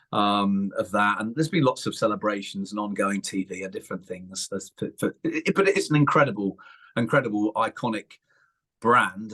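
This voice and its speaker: An English man in middle age, a puppeteer and panto performer, chatting in an interview and telling lively anecdotes, acting out voices as he goes. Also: fairly low pitch. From England. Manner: animated, acts out voices in his anecdotes. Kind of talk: casual interview storytelling.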